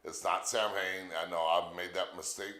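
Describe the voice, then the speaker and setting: A man's voice: low-pitched, fairly quick, reverberant. A man hosting a spooky-themed podcast, talking casually and explaining things as he goes. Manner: lively, explaining pronunciation. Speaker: podcast host.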